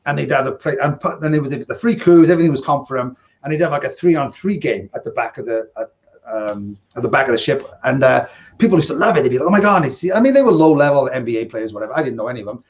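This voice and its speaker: A man's voice: medium pitch, expressive, fast talker. Chuckling man telling stories, lo-fi sound. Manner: rambling, chuckling, acts out quoted dialogue. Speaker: podcast host, casino dealer. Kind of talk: casual storytelling.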